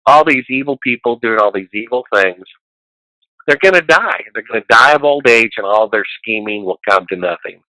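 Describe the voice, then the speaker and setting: A man's voice: medium pitch, expressive, moderate pace, pushed and bright, dry recording, rough recording. A man speaking as a guest in a casual conversation, rambling and emphatic in a preachy way.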